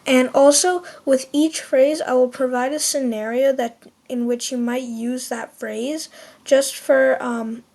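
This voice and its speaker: A young woman with a high voice hosts a casual video lesson. She is chatty and upbeat, stumbling and restarting now and then, and slows right down to repeat each phrase. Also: fairly even intonation, creaky, darkish tone. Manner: chatty and upbeat, with frequent restarts and slow spelled-out repetitions. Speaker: language learner teaching beginner phrases.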